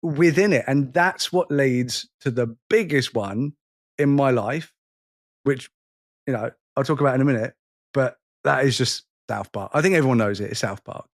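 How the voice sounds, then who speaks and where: A man co-hosting a podcast in casual chat, animated, laughing often and mimicking lines from shows. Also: medium pitch, moderate pace, dry recording, studio quality. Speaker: podcast co-host.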